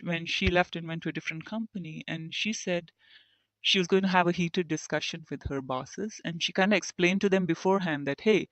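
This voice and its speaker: A woman's voice: fairly low pitch, dry recording. Dry, muffled woman telling work stories. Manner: reflective, tells stories and acts out quoted remarks. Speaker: engineer and podcast guest. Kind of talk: conversational interview.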